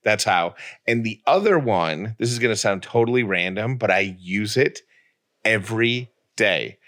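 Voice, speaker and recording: A man with a low, bright, clear-edged voice co-hosts a relaxed chat show. He talks casually and slips in dry jokes. His delivery stays easygoing and conversational. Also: a little slow. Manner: dry, joking. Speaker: podcast co-host.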